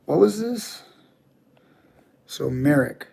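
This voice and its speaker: Gravelly-voiced candid grappling coach. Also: male voice, mid-range voice, fairly even intonation, moderate pace, a little mellow. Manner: candid, swears casually. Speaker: grappling coach and channel host. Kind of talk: casual live-chat storytelling.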